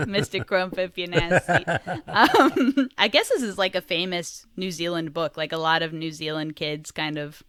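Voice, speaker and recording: A woman's voice: lowish voice, moderate pace, a bit bright, no echo, clean studio sound. A woman hosting a casual podcast chat about a film, laughing often between her remarks. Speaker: podcast host.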